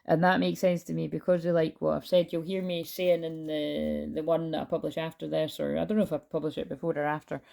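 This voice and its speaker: Gravelly low-voiced woman. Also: level tone, brisk, few pauses. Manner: loud, chatty, swears freely. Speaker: tarot reader. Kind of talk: casual tarot reading monologue. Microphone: built-in camera mic, no lapel.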